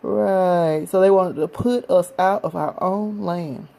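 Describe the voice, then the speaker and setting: Low, mellow-voiced woman vlogger. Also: slow pace, vocal fry, poor audio. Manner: earnest, speaks directly to viewers, tired. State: out of breath. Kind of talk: reading a history text, then casual talk to viewers.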